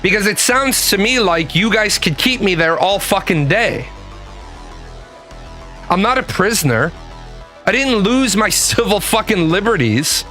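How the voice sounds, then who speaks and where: A man's voice: high voice, animated, a little slow, pauses often, pushed and bright, soft background music. A man telling a profane, exasperated story about an argument over a missed appointment, acting out both sides of the phone calls. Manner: exasperated, swears a lot, acts out phone calls. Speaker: podcast host.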